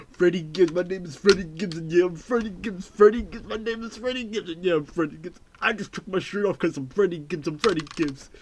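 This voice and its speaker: A man doing a quick impression of a boastful male rapper, chanting in a sing-song repetition. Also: high-pitched, a little hiss or hum, lightly acted. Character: male rapper boasting his own name.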